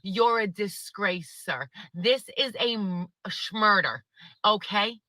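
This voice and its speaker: A woman's voice: mid-range voice, slow, pushed and bright, no echo, rough recording. A woman giving a sarcastic, profane rant about a trial day, sounding fed up. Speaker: social media commentator. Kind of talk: ranting trial commentary.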